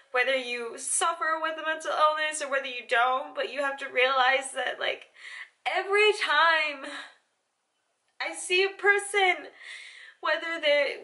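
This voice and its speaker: A young adult woman speaking in a confessional vlog, halting and emotional, sometimes dropping to near-whispers. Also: high voice, sharp tone. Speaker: vlogger.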